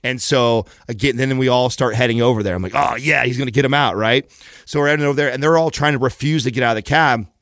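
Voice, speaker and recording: A man casually telling a story on a podcast, profane and animated, acting out the quotes. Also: mid-range voice, fast talker, no room sound, studio quality.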